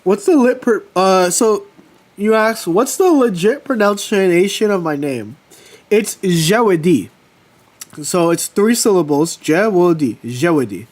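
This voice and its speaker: A man chatting casually with his livestream viewers, telling personal stories with lively swearing. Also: sits high, unhurried. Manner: animated storytelling, swears casually. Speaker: streamer.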